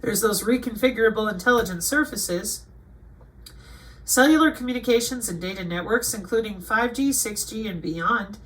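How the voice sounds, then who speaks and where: A woman's voice: mid-range voice, moderate pace, fairly bright tone, poor audio. A woman reading aloud from a web page and commenting, indignant and lecturing at times. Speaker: online commentator.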